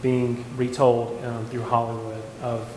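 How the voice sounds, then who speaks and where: A man leading a casual Bible study, animated, asking the group rhetorical questions and restarting his sentences. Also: mid-range voice, measured pace. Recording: echoey hall, faint room noise.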